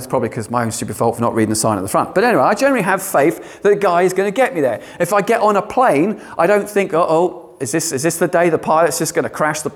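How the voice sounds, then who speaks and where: A man preaching a sermon, animated and given to sarcastic asides. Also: fairly high pitch.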